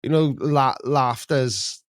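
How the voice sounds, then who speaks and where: A man's voice: medium pitch, takes it slowly, no echo, clean studio sound. A man hosting a casual live stream, chatting in a rambling, jokey way with many restarts. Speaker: host.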